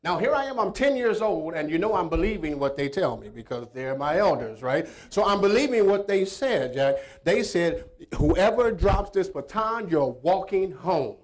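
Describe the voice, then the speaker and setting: A man hosting a faith-based motivational show, telling a story in an animated, emphatic way and talking straight to his audience. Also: fairly high pitch, normal speed, few pauses. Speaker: host and motivational speaker.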